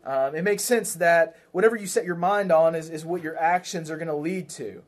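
Man, pastor, sermon, conversational, repeats key phrases, asks the congregation questions, slightly high voice. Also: a little fast. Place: church.

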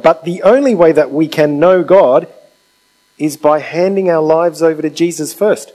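A man's voice: a little high, animated, moderate pace, darkish tone, rough recording. A man preaching a sermon in a conversational way, asking rhetorical questions and acting out quotes.

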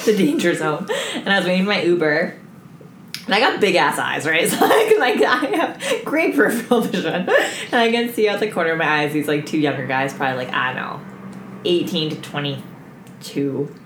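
A woman in her thirties talks casually, low-voiced but very animated, breaking into laughter between jokes. The room sounds echoey and a faint background ambience hangs behind her. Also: normal speed, slight background noise. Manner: laughs often, jokey, trails off. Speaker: co-host. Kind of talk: casual chat.

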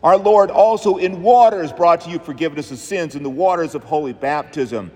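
Pastor, male, slightly high voice, emphatic rhythmic sermon delivery, long church reverb. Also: fairly quick, a little mellow. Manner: emphatic, rhythmic preaching with repeated phrases.

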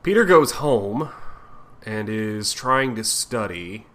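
A man's voice: on the low side, animated, takes it slowly, fairly bright tone. A man on a podcast recapping a comic casually, cursing and acting out the characters' lines. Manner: profane, acts out characters' lines while retelling. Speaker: podcast co-host.

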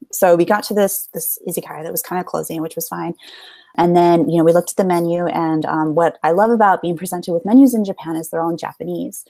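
A young American woman with a slightly low voice tells stories in a bubbly, chatty way and laughs often. Her voice sounds dry and close, with no room around it. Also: darkish tone, no echo. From United States. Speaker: podcast guest. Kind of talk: casual chat.

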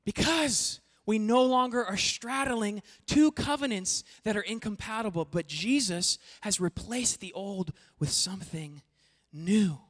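A pastor preaching a sermon to a congregation, talking animatedly and swinging between quiet passages and loud emphatic bursts. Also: medium pitch, measured pace. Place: church hall before a congregation. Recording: long echoey hall reverb.

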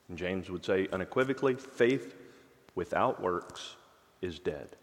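Emphatic pastor in a reverberant hall. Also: male voice, mid-range voice. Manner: emphatic, shifts between soft slow stresses and loud quick asides. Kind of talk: sermon. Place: church sanctuary. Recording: long church hall reverb.

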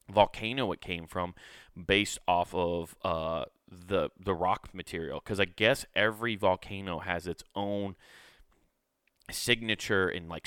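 A man's voice: sits low, fairly bright tone, clean tone, no room sound, studio quality. A man telling a crude, laid-back comic story in casual podcast talk.

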